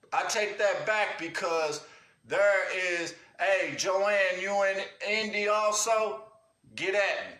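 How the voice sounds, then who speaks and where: Loud cussing man ranting. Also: high-pitched, roomy sound. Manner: angry, cussing, street talk. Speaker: livestream host. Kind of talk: profane livestream rant. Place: indoors at home.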